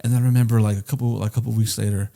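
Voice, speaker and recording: A man's voice: on the low side, level tone, very fast, creaky, dark tone. A man co-hosting a comedy podcast, telling rambling, profane stories with frequent laughs. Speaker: podcast co-host. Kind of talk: casual comedic chat.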